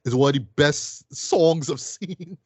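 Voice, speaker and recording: A podcast co-host with a husky, higher voice reviews a film in a casual, enthusiastic chat, unhurried and packed with fillers and tag questions. The recording has no room sound.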